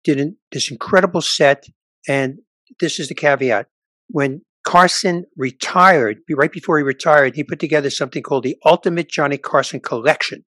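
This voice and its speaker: An older man, a veteran stand-up comic, spins a story in an easy conversational way. His voice sits a little high and jumps up when he acts out the other people in the story. The sound is close and dry. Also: normal speed, dry recording. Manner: animated storyteller acting out dialogue. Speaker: stand-up comedian guest. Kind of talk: casual storytelling chat.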